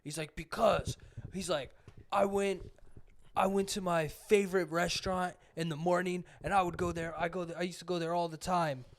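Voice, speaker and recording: Young male podcast co-host, slightly high-pitched, casual rambling storyteller. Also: flat delivery, moderate pace. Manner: rambling anecdote telling, teasing. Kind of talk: casual chat.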